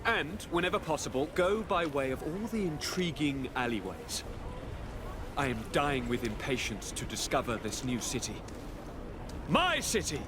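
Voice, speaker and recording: A chatty, flamboyant noble governor who is eager to see his new city. His voice sits high and leaps all over the place in a courtly, theatrical way. Loud harbour ambience runs under the game audio. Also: big pitch swings, normal speed, noisy background. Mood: playful. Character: cheerful, flamboyant young noble governor, man.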